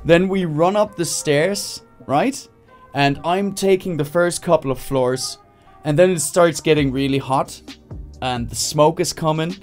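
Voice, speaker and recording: A comedian writing jokes live on a stream, thinking out loud, who breaks into high screaming voices to act out his bits and laughs at his own lines. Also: a little slow, faint music behind. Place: home streaming setup.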